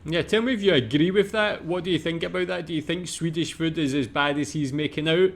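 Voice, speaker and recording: A man hosting a reaction video, pausing the clip to ask his viewers questions. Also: a little high, gravelly. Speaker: reaction channel host. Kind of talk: reaction commentary.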